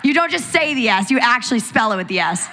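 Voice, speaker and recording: A bubbly young woman with an American accent, her voice bright and forceful. She chats as a guest in a live onstage conversation, animated and quick to laugh. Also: on the high side, a little hiss or hum. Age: young adult.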